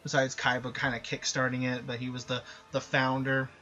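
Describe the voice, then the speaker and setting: A man's voice: mid-range voice, flat delivery, fairly quick, sharp tone, highs cut off, soft background music. A man giving casual, sarcastic, rambling commentary over a game. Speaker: gameplay commentator.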